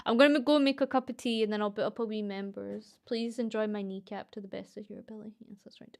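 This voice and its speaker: A woman's voice: mid-range voice, steady tone, fast talker, creaky. A woman with a Scottish accent, chatting casually on a livestream in a giggly, rambling way. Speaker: streamer.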